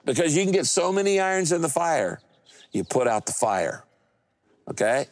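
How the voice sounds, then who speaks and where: A male pastor preaching a sermon. He speaks emphatically, often quizzing the congregation, and shifts his pitch and pace for effect. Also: sing-song, moderate pace, no echo, clean studio sound. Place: church stage speaking to several campuses.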